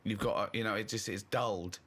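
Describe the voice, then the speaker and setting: A man's voice: on the low side, fairly even intonation, fairly quick, fairly bright tone. A man hosting a radio show, mocking and teasing in casual banter. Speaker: radio host.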